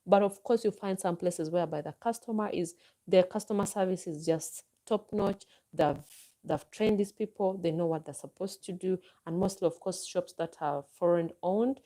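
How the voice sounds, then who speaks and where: A Ugandan woman with a Ugandan accent talks through a live chat, answering viewers in a relaxed, advising way. Her voice sits a little low and sounds soft and mellow. She speaks at an easy, unhurried pace. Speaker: vlogger.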